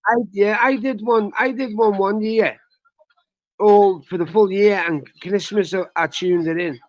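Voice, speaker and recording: A man's voice: sits high, steady tone, unhurried, no room sound, lo-fi sound. A man rambling in casual livestream chat, repeating phrases and asking "you know what I mean". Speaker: livestream co-host.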